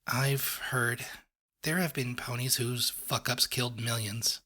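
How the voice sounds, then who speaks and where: Gruff, foul-mouthed pony mare, slow and husky; a man voices her. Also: medium pitch, fairly even intonation, sharp tone. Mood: wry. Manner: blunt, gruff, swearing. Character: tough, foul-mouthed female pony scavenger.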